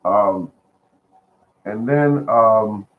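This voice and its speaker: This man's lowish voice moves extremely slowly as he talks to viewers from inside his house about gardening bargains. Chatty and repetitive, he calls them "folks," and the sound is lo-fi, much like a phone.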